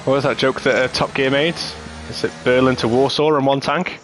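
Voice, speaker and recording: A man commentating a sim racing league, talking at a middling pitch. He is chatty and jokey with his co-hosts. There is steady noise underneath his voice. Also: brisk. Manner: chatty, jokey, builds up excitement at race starts. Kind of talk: race commentary.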